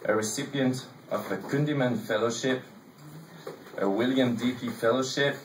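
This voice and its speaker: A host introduces the next reader at a live literary night in a basement bar. The delivery halts often on filler sounds. The voice sits back from the mic in a roomy space, with clear noise behind. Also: mid-range voice, a little mellow, far from the mic. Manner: hesitant, many fillers. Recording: echoey room, off-mic, audible noise.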